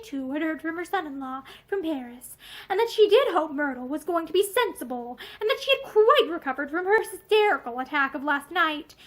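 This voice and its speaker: High, lively woman reading a novel. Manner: expressive storytelling. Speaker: audiobook reader. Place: indoors, seated facing camera.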